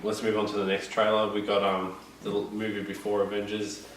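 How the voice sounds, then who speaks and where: A man with an Australian accent hosting a casual podcast, easygoing and quick to laugh. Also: fairly low pitch, completely flat delivery, slight background noise. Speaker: podcast host. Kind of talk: casual chat. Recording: very echoey room, distant mic.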